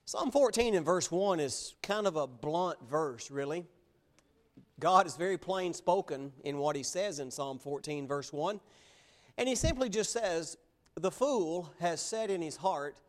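Male preacher, higher voice, sermon delivery, plain and earnest, emphatic slow stresses.

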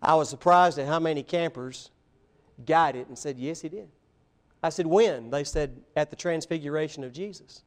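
A man preaching a sermon, telling Bible stories with animated voices and speaking directly to the children. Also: on the high side, normal speed. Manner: animated storytelling, voicing biblical figures, addressing children. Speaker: pastor.

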